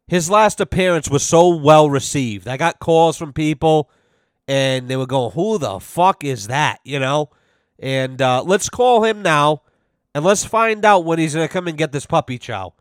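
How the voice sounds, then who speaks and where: A man hosting a podcast, telling stories in a blunt, profane, animated way. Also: a little high, measured pace, smooth, dry recording, clean studio sound. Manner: blunt, swearing, animated storytelling. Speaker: podcast host. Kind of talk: casual profane podcast chat.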